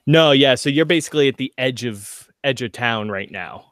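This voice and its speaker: A man's voice: mid-range voice, normal speed, dry recording. Chill guy gm narrating a tabletop game, um-ing a lot, dead dry mic. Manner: relaxed, filler-heavy narration with frequent laughs. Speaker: game master.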